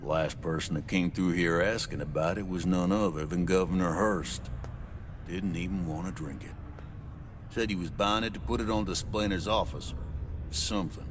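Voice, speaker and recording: An actor playing a blunt, scoffing bartender who has served drinks for decades. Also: male voice, sits low, moderate pace, a little hiss or hum, natural voice. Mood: gruff. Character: gruff veteran bartender, dismissive, middle-aged. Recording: game audio with music behind.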